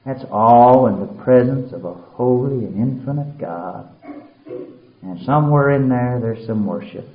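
A man preaching a sermon, dropping to a hush and then building to shouted, climbing peaks. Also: a little slow. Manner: swings from hushed and low to soaring shouted peaks. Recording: roomy, dull lo-fi recording.

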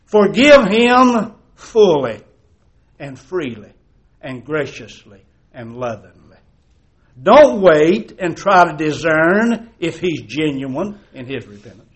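A man preaching a sermon as pastor. He swings from loud emphasis to hushed tones and uses folksy storytelling and repeated rhetorical questions. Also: a little high, sing-song, takes it slowly.

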